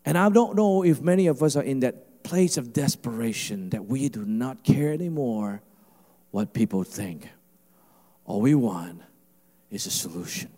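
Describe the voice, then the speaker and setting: A male pastor preaching a sermon, animated and emphatic, with a conversational delivery. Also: mid-range voice, normal speed, big-room sound. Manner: animated, rising to emphatic preaching with mimicked asides.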